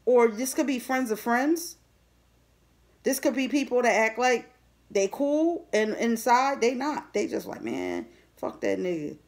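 A woman's voice: on the high side, measured pace. A woman reading tarot in a casual monologue, blunt and profane. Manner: blunt and profane, heavy slang. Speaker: tarot reader.

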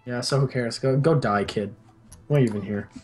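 A young man chatting casually on a game stream, jokey and rambling, with low deadpan asides. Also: a little fast, soft background music.

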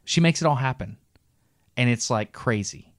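Middle-aged male podcast co-host, a lively, laughing storyteller with a mid-range voice, recorded close and dry. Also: medium pitch, moderate pace, dry recording. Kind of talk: casual storytelling chat.

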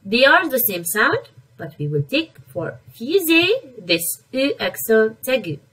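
A woman teaching an online French vocabulary lesson to young children, repeating each word slowly to drill pronunciation. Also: on the high side, sing-song, fairly bright tone, slightly rough, recorded from a distance, rough recording.

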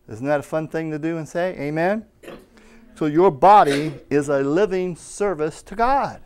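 A man's voice: fairly high pitch, a little slow, a little mellow, clean tone. A man preaching a Bible school class, exhorting his listeners, calling for amens and reading scripture aloud. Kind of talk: sermon.

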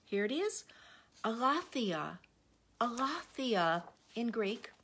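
With slight background noise behind her, a woman spiritual director leads a devotional teaching and prays aloud. Her fairly high voice is very animated, yet she stays earnest and unhurried, often softening to a hush.

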